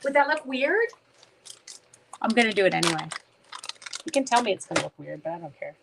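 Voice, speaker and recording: A woman's voice: mid-range voice, very animated, a little fast, vocal fry, background noise. This is a middle-aged woman from Canada talking casually through a live crafting stream. She is chatty and pokes fun at herself. She keeps greeting and answering viewers by name while she works on a card. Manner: chatty, self-mocking, talks to viewers by name while working. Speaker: papercraft demonstrator live-streaming.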